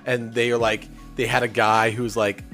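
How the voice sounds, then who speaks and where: Animated man telling stories on a podcast. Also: medium pitch, moderate pace, soft background music. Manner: animated storyteller, swears, acts out quotes. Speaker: podcast co-host. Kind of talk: casual chat.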